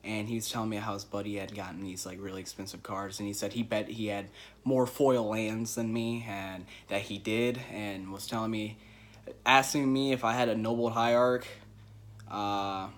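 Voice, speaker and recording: A young man telling a story in a casual vlog, stammering through restarts and poking fun at himself, swinging between loud bursts and hushed asides. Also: fairly low pitch, steady tone, normal speed. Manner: stammering restarts, self-mocking boasts. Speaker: vlogger telling a Magic card game story.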